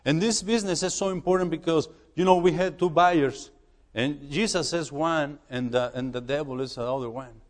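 A man who is a missionary preaching in a church, halting and repeating words as he urges the congregation. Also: a little high, long reverb tail. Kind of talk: sermon.

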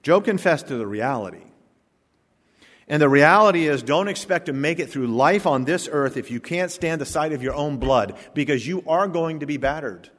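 A man preaches with a slightly raised pitch, pressing his points with rhetorical questions and sudden drops to a hush before building loud again. His voice rings out with a long reverb, as in a large church sanctuary. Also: expressive, normal speed. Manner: emphatic preaching with rhetorical questions and big swings in loudness. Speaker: pastor. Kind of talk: sermon.

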